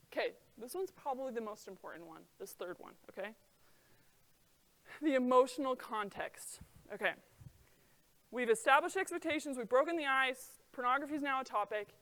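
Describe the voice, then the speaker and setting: A young adult woman giving an earnest talk to a young audience, chatty and full of "like" fillers, telling stories with lively feeling. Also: high voice. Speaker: presenter.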